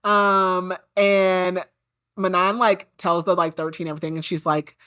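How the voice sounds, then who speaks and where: With a fairly low, smooth, fairly bright voice, a podcast host recaps a book in a flat, unhurried delivery. She stays casual and chatty, dropping "like" often and adding indignant asides about the characters.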